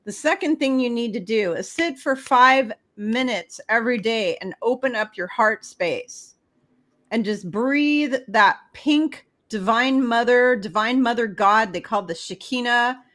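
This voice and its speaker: A middle-aged woman with a fairly high voice gives spiritual advice. She talks straight to the listener in an emphatic, preachy way. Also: measured pace, fairly bright tone. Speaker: spiritual guest. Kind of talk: casual spiritual advice talk.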